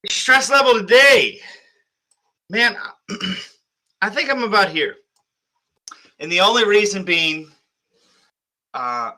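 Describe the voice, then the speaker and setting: A sleepy man in his thirties teaches a history class over a computer mic, chatty and full of fillers and restarts. His voice is very bright and sharp, and sits a little high for a man. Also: animated, takes it slowly, pauses often, poor audio. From United States. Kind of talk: online class lecture.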